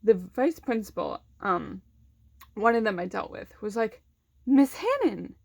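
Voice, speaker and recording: A young woman chats her way through a personal story in a relaxed, rambling way, full of fillers and little restarts. Her pitch sits in the middle range. She sounds close and dry, with no room echo around her. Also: a little slow, creaky. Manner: conversational, many fillers, acts out quoted voices. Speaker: vlogger telling a personal story. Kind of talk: casual storytelling.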